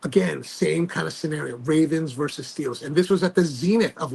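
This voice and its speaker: Host, male, husky and a bit high-pitched, chatty and animated, lots of restarts. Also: normal speed. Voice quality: gravelly, husky voice. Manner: animated storytelling with many fillers and restarts. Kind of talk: casual chat on a livestream.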